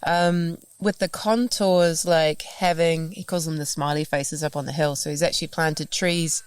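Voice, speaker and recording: A woman from New Zealand with a New Zealand accent, talking casually as a podcast guest and telling stories with lively acted-out dialogue. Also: sits low, normal speed, clear, resonant tone, dry recording. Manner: animated storyteller, laughs often, acts out dialogue. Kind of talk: casual conversation. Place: farm, recorded in person.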